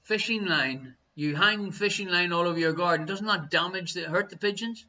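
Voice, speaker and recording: Bright-voiced Irish quiz host. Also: male voice, sits high. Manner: chatty, teasing, reads questions slowly twice. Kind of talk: live online quiz hosting. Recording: dull lo-fi stream audio.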